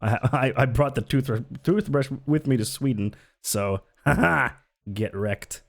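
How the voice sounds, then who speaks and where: Sarcastic, gravelly streamer. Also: mid-range voice, unhurried. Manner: sarcastic, laughing, animated. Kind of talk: casual live-stream commentary.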